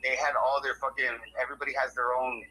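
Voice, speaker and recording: A man co-hosting a podcast in casual chat, rambling and halting with many fillers and frequent swearing. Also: medium pitch, flat delivery, pushed and bright, poor audio. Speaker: podcast co-host.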